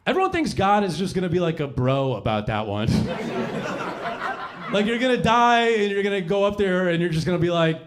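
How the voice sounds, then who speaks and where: A man's voice: high-pitched, very animated, a little fast, a crowd in the background. A young man doing a profane, rambling stand-up set on a comedy club stage, self-mocking, into a handheld mic, with live audience laughter.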